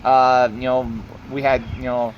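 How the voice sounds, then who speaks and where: A man's voice: mid-range voice, level tone, unhurried, highs cut off, a little hiss or hum. A man co-hosting a casual podcast, talking in a playful way and stammering over repeated words. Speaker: podcast co-host. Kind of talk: casual chat.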